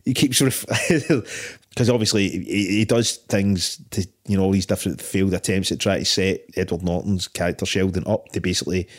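Sweary Scottish man with a low voice. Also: normal speed, few pauses. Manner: sweary, laughs often, rambling. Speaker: podcast co-host. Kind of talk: casual film chat.

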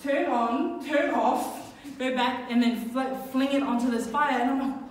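A woman telling a funny true story on stage, lively and laughing, with many fillers and restarts. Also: sits high, measured pace, a little hiss or hum. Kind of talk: live storytelling to an audience. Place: live venue stage. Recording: echoey venue, mic from far off.

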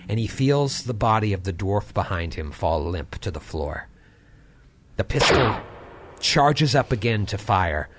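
A man running a science fiction tabletop game as game master, narrating scenes dramatically and dropping low for the tense moments.

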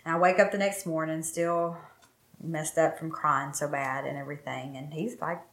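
A woman's voice: low-pitched, steady tone, moderate pace, fairly bright tone. A middle-aged woman tells her own story with emotion, acting out what was said to her. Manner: emotional, vivid retelling with quoted dialogue. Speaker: guest telling her story. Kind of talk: personal storytelling. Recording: roomy echo.

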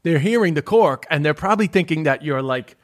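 A man's voice: fairly high pitch, lively intonation, fairly quick. Chatty comedian with a Queens accent. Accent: New York, Queens. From New York. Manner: chatty, restarts with many "like"s. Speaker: stand-up comedian. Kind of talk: casual podcast chat.

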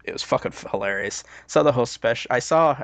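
A man's voice: medium pitch, expressive, fast talker, creaky, fairly bright tone, no echo. A man co-hosting a podcast in casual chat, often laughing as he retells jokes. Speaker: podcast co-host.

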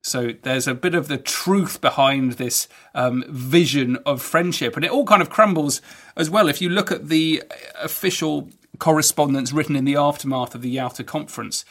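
A man hosting a history podcast, explaining events in an enthusiastic, conversational way with frequent halting restarts. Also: medium pitch, a bit bright. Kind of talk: educational podcast narration.

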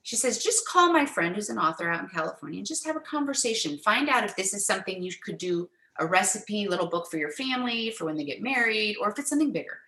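Gravelly, bright-voiced woman telling her story. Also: medium pitch, fast, hardly any pauses, roomy sound, poor audio. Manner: animated storyteller, acting out quoted dialogue. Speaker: guest. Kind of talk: personal storytelling in a faith interview.

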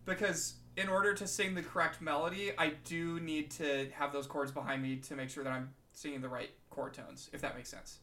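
A man's voice: a little high, level tone, normal speed, hardly any pauses, sharp tone. A man guest on a podcast, earnestly explaining chords and melody while workshopping a song. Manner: earnest, explains music theory. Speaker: guest musician. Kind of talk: casual songwriting chat. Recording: roomy and distant, guitar behind.

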